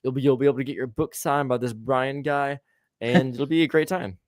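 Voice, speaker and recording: A man's voice: medium pitch, fairly even intonation, a little fast, a little mellow, no echo, studio quality. A man hosting a podcast, chatting casually with a stutter, lots of swearing and easy laughter. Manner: stuttering, profane, laughs easily. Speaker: podcast host.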